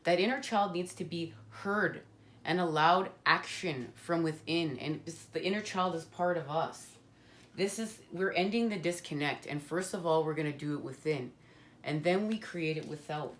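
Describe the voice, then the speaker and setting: A woman's voice: lowish voice, moderate pace, slight background noise. A woman giving a spiritual tarot card reading at home, talking earnestly and passionately with a rambling flow.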